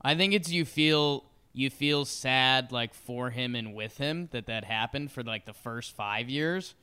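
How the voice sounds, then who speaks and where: A relaxed man in casual sports chat who mostly answers with short, easygoing replies and occasionally talks through his bets. His voice is smooth and clear at an ordinary pitch. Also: a little slow. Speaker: podcast co-host.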